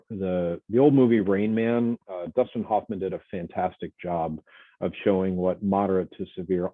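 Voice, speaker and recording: A man, a college instructor, giving a relaxed, conversational recorded lecture and acting out little example dialogues. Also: low voice, no room sound. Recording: tinny, phone-like dry recording.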